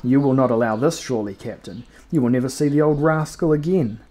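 A man's voice: mid-range voice, a little fast, mellow, natural voice. A man doing a scoffing outlaw. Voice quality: scoffing, mistrustful. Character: suspicious scornful man outlaw.

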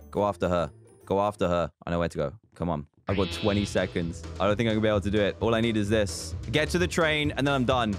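Animated young man commentating a game. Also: lowish voice, quick pace, faint music behind. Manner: animated, stressed muttering to himself, yelps and cheers. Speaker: gaming video host. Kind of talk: excited gameplay commentary.

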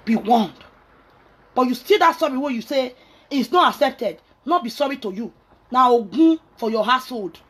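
A woman's voice: sits high, lively intonation, moderate pace, fairly bright tone, breathy edge. A Nigerian woman vlogger ranting angrily and scolding, mixing in pidgin. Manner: angry, scolding, mixes pidgin and Yoruba. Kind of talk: angry rant.

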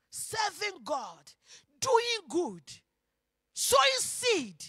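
A woman pastor delivers an emphatic church sermon, her very high voice bright and forceful. She shouts key phrases, then drops to a hush. The sound is close and dry, with almost no room echo. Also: sing-song, slow. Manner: emphatic preaching that swings from shouting to hushed.

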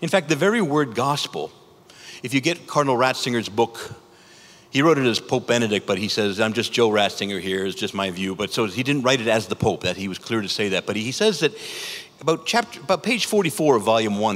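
A man, a priest, giving a conference talk in an animated, conversational way, full of rhetorical questions. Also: medium pitch, fairly quick. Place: large conference hall. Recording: echoey conference hall.

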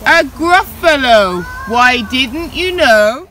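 A woman voicing a small, brave brown mouse in a family storybook reading, with loud, emphatic delivery. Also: sits high, animated, slow pace, a little hiss or hum, heavily acted, low-quality recording. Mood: bold.

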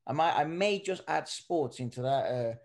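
A man's voice: on the high side, expressive, normal speed. A man hosting a podcast in casual chat, rambling with many restarts. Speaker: podcast host.

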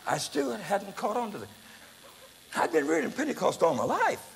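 A man, an evangelist preacher, telling a testimony in a sermon as an animated storyteller who acts out voices and shouts. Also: high voice, moderate pace, vocal fry, in a large hall, a little hiss or hum. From United States.

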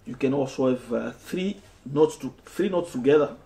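A gravelly, mid-range male voice at a moderate pace leads a guitar lesson one step at a time. He code-switches between English and French, leaning on many fillers and restarting often, as guitar plays behind him.

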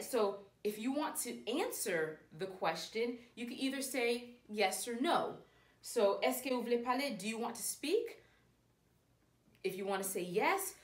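A woman teaching a language lesson, explaining patiently step by step. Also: a little high. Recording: echoey room.

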